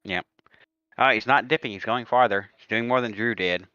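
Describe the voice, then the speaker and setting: A man giving casual commentary on a video game race, jokey and quick to tease and laugh. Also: lowish voice, lo-fi sound. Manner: jokey, laughs easily, teasing.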